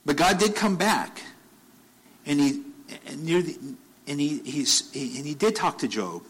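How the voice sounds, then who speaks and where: A man's voice: fairly high pitch, lively intonation, unhurried, a bit bright, husky, poor audio. A man delivers a sermon in an everyday, conversational tone. He circles back on his phrases, and his voice climbs into urgent, repeated questions when he makes a point. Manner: conversational, rises to emphatic bursts, repeats phrases. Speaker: preacher.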